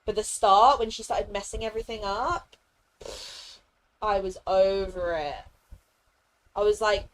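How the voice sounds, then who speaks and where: A woman's voice: medium pitch, steady tone, a little hiss or hum, poor audio. Chatty young woman streamer, laughing often. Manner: chatty, laughs often, slips into quick playful voices for characters. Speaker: game streamer. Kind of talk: casual live-stream chat.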